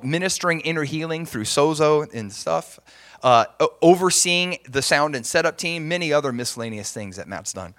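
A man's voice: on the high side, animated, moderate pace, fairly bright tone, no echo, studio quality. A middle-aged man preaching as a pastor, earnest and emphatic, often restarting his sentences. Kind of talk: sermon.

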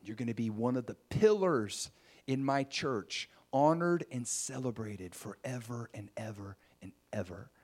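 A man voicing Jesus as a gentle, searching figure, speaking softly and in hushed tones. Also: mid-range voice, expressive, unhurried. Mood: reassuring. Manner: soft, hushed, half-whispered.

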